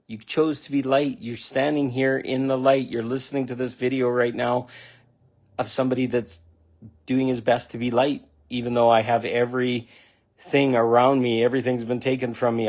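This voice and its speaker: Middle-aged male self-help speaker, earnest, affirming, mid-pitched voice, emotional motivational monologue. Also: darkish tone. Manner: earnest, repetitive, near tears at times; affirming, speaks directly to the listener.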